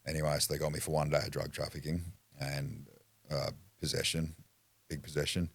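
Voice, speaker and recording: A man with an Australian accent and an extremely deep voice recounts his past in a blunt, rambling way, swearing freely. The sound is close and dry, with no room echo. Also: flat delivery, a little fast, gravelly, fairly bright tone, breathy edge. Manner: rambling, restarts sentences. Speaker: podcast guest. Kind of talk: candid personal storytelling.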